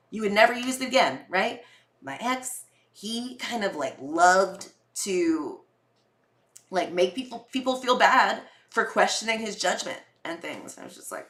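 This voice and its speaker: A woman's voice: mid-range voice, animated, moderate pace, fairly bright tone, echoey room. A young woman hosting a podcast, telling candid personal stories in a chatty way, full of fillers and acted-out quotes. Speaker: podcast host. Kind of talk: casual personal storytelling.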